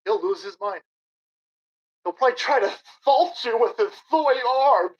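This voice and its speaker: A man's voice: extremely high pitch, lively intonation, moderate pace. A man in his thirties hosting a livestream, ranting sarcastically and combatively and reading viewer chat aloud. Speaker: political livestream host. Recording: dull lo-fi stream audio.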